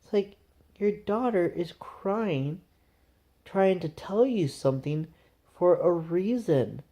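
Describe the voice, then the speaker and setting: A man's voice: sits high, animated, slow, dark tone. A man telling a rambling, conversational story to camera in a casual vlog. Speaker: vlogger.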